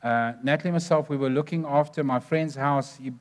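Male preacher, slightly high voice, earnest storytelling. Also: fairly quick. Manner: earnest storytelling, stressing numbered points. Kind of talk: sermon.

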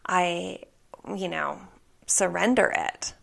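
A woman telling a personal spiritual story in an earnest, soft way, often dropping into a whisper. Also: lowish voice, fairly even intonation, a little slow, creaky. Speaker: spiritual vlogger.

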